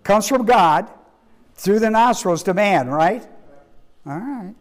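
A man's voice: high-pitched, animated, slow. A man, a pastor, teaching a sermon in an emphatic way, repeating words and putting questions to his listeners.

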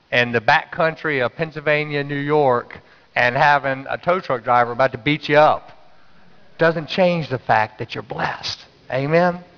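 A man preaches a Sunday sermon in a big church hall, and his voice trails off in a long echo. He sits in the middle of the range in pitch and talks casually. He tells everyday stories and keeps urging the congregation to say things back. The recording sounds a bit dull. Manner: conversational storytelling, urging the congregation to respond. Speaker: pastor. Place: church sanctuary.

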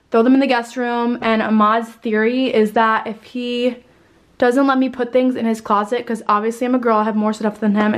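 Young woman, vlogger, slightly high voice, breathless, gushing, casual swearing, home tour. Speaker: lifestyle vlogger. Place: her decorated home, indoors.

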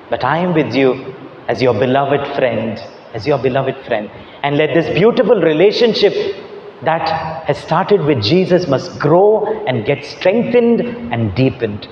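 A male priest with a fairly high voice delivers an emphatic sermon, repeating his key phrases for weight. The sound is dull and lo-fi, and it is heavily echoey with a long reverb tail from a large church hall. A faint hiss sits underneath. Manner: emphatic preaching with heavy repetition. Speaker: Catholic priest.

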